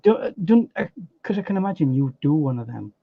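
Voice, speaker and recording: A man chatting as a guest on a livestream, giving opinions in a measured, teasing way. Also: on the high side, very animated, creaky, husky, no echo. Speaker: guest artist. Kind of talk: casual chat. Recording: dull lo-fi dry audio.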